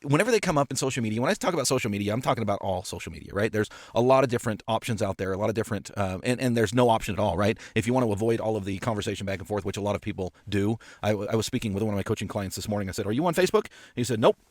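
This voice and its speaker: Fast-talking passionate man, podcast host. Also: lowish voice, no room sound. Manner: passionate, emphatic, frequent filler words and repeats. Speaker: podcast host and appraiser coach. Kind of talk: casual podcast monologue. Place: parked car. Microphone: studio microphone.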